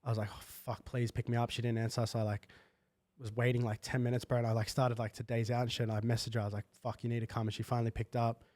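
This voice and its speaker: A man's voice: medium pitch, level tone, very fast, a little mellow, dry recording. A young man telling a personal story in a casual, slangy podcast chat full of fillers. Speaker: guest. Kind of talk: candid podcast conversation.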